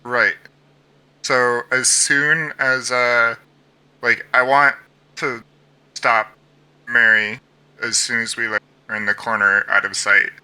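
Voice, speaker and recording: A man's voice: medium pitch, level tone, slow pace, long pauses, sharp tone, clean tone, no echo. A man playing in a tabletop game, asking questions hesitantly, full of fillers and restarts. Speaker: player.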